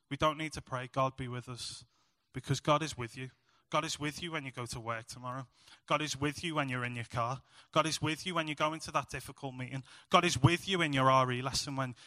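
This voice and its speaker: A man's voice: medium pitch, sharp tone, dry recording, long reverb tail. A young man preaching a sermon in a chatty, self-mocking storytelling way.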